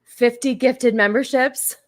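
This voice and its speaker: A woman with a slightly high voice hosts a casual livestream, chatting with viewers at a slow pace and a fairly even intonation. She's blunt, crude and jokey, and she thanks her supporters effusively.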